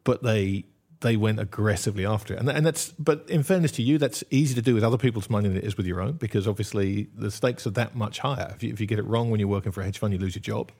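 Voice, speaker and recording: Guy hosting an interview, raspy gravelly voice, thinks out loud then asks. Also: fairly low pitch, fast, few pauses. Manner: reflective, asks probing questions, brief backchannels. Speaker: interview host. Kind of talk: conversational interview.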